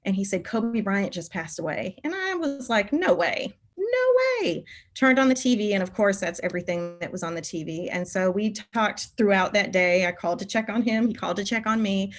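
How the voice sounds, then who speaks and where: A middle-aged woman speaks as a conference keynote speaker, drawing the listener into heartfelt stories about her former students. Her voice sits at an ordinary middle pitch for a woman. She tells them in an animated, emotional way, and her voice climbs when a memory moves her. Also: fairly quick, hardly any pauses. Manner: animated, emotional storytelling, voice rising when moved.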